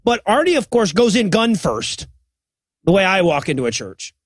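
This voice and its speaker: A man with a high voice recaps a film's plot for a comedy podcast. He swears freely and acts out the characters' lines. The recording is dry and close. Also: normal speed, dry recording. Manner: profane, animated retelling with quoted voices. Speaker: podcast co-host. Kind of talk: comedic movie recap chat.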